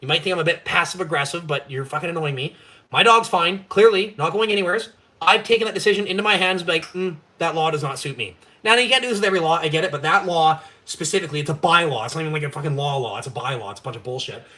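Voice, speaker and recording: Fast, profane ranting young man. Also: a little high, sharp tone. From Canada. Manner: profane, blunt, fired-up ranting. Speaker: live-stream host. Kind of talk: ranting casual chat.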